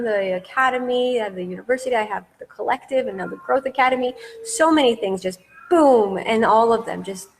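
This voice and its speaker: A woman's voice: a little high, slight background noise. Enthusiastic woman coach, reverberant room. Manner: enthusiastic, repetitive emphasis. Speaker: business coach. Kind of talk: coaching masterclass talk. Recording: long hall reverb.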